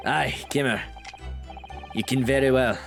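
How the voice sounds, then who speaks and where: A gruff older prison governor with a rough Scottish accent, put on by a man reading a game aloud. He talks a little lower than the reader's usual voice and stumbles over his words now and then. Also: unhurried, faint music behind. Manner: stumbling, fumbled lines.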